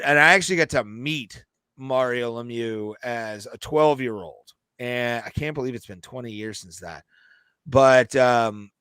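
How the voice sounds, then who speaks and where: A man in his thirties, a podcast co-host telling a long, animated, profane story in casual chat. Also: medium pitch, smooth, dry recording.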